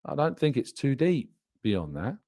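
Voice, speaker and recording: A man's voice: mid-range voice, very animated, measured pace, dark tone, no echo, studio quality. A man hosting a live fan show, chatting loosely and laughing as he reads out viewer comments. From England. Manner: chatty, rambling, laughs often. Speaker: podcast host. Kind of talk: live-stream chat, reading viewer comments.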